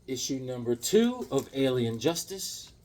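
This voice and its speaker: A man's voice: medium pitch, very animated, a little slow, darkish tone, slight background noise. A man chatting casually in a comic haul vlog, laid-back and full of slang. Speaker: comic book collector.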